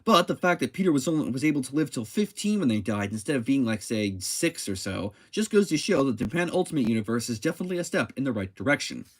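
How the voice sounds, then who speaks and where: A man casually reviewing a comic book, talking in a halting way with frequent restarts and self-corrections. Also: mid-range voice, big pitch swings, dry recording.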